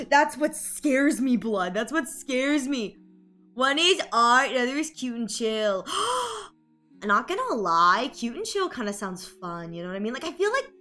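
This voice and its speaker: Young woman streaming, high bright voice, nervous giggly chatter, slow talker, faint music under it. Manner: playfully anxious, giggly, talks to chat. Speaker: art streamer. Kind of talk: casual live-stream chat.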